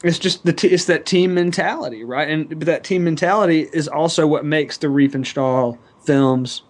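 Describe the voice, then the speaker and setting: A man's voice: on the high side, moderate pace. A man on a casual podcast panel, rambling and thinking aloud with lots of fillers.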